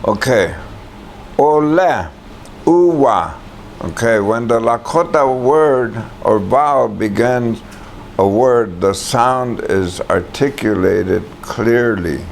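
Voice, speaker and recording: A man's voice: on the low side, takes it slowly, gravelly, slight background noise. A man teaching a language class, patiently saying words aloud for the students to repeat.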